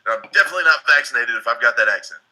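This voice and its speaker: A man with a Tennessee Southern accent chats loosely on a live stream. His voice is very bright and forward, and he tells crude, joking stories in an easy drawl. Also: mid-range voice, expressive, racing, poor audio. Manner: profane, joking, drawling storyteller. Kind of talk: casual chat.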